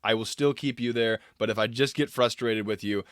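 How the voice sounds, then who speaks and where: A man's voice: lowish voice, a little fast, a bit bright, smooth, dry recording, clean studio sound. An American man hosting an interview over a video call, friendly and joking. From United States. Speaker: podcast host. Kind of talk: casual interview chat.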